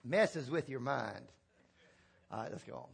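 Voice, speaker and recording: A man's voice: mid-range voice, animated, measured pace, vocal fry, slightly rough. A male pastor preaching a sermon in a church, calling for responses and repeating key phrases for emphasis, with folksy humor. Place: church sanctuary.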